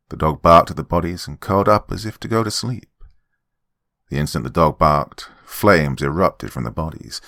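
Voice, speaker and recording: Deep-voiced man narrating horror. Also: gravelly, fairly bright tone, no echo, clean studio sound. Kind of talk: scripted horror story narration.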